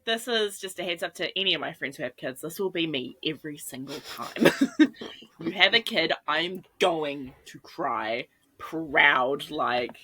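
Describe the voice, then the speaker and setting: A young woman co-hosting a podcast, telling stories in casual chat and acting out her own quotes with big swings in pitch. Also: animated, unhurried, bright, forceful tone, breathy edge, no room sound. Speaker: podcast co-host.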